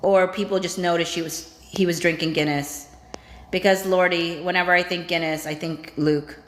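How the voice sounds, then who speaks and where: A woman with a somewhat low voice runs a casual livestream, reading viewer comments aloud one after another. She adds quick, chatty reactions between them. Her voice carries a roomy echo from the space around the mic. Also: steady tone, a little hiss or hum. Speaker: livestream host. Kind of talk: casual live-chat reading.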